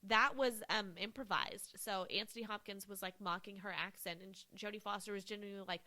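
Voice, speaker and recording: Bright, gushing woman podcast host. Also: mid-range voice, fairly even intonation, a little fast. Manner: enthusiastic, gushing, frequent "like" and "um". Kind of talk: casual movie podcast chat.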